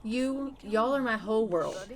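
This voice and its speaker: A woman's voice: on the high side, unhurried, natural voice. A woman voicing a passionate young husband set on doing his duty, loving toward his wife.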